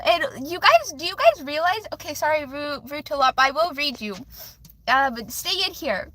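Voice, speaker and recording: A woman's voice: sits high, pushed and bright. A woman hosting a livestream with card readings, chatting casually and rambling emotionally straight to her viewers.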